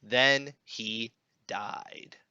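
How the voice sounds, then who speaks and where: Bright-voiced young man, dull dry recording. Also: mid-range voice, smooth, no room sound. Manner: relaxed, friendly, reads scripture aloud with pauses. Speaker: podcast co-host. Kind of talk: casual Bible reading podcast.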